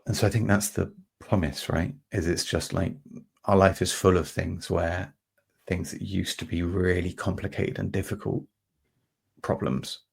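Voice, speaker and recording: A man hosting a podcast, talking through an idea in a relaxed, meandering way, with lots of fillers and restarts and homely everyday examples. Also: sits low, normal speed, creaky, breathy edge. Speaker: podcast host. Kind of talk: reflective conversational explanation.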